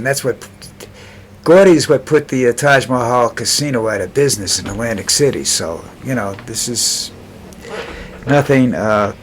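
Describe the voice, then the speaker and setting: A man's voice: mid-range voice, slight background noise. Rambling, sarcastic man vlogging opinions. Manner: sarcastic and scornful, halting with many restarts. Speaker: political commentary vlogger. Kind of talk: casual rambling political commentary.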